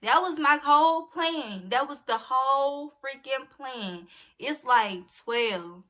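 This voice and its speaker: A young woman with a drawl tells a storytime to her viewers, talking straight to them in a loose, chatty way. Her voice sits a bit high and sounds bright and clear. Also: lively intonation, slow pace. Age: young adult. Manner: chatty, addresses viewers directly as y'all. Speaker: vlogger. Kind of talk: casual storytime.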